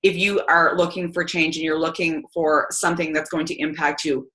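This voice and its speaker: A chatty, energetic woman, giving a casual motivational talk to her team. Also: low-pitched, moderate pace. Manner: chatty and energetic, many fillers. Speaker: team call speaker. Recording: roomy echo.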